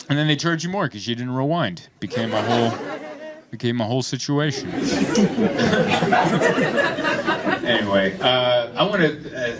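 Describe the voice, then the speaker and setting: A man's voice: medium pitch, unhurried, pauses often. A man performing a stand-up comedy set on a club stage, telling stories and acting out voices on a handheld mic. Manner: animated storytelling, acts out voices. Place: comedy club stage before a laughing crowd. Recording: loud crowd laughter and room noise.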